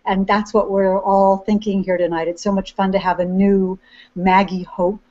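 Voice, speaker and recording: A woman's voice: mid-range voice, little pitch movement, normal speed, dull audio. Effusive woman interviewer on a webcast. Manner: warm, chummy and effusive. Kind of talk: casual live interview. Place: remote webcast from Boston.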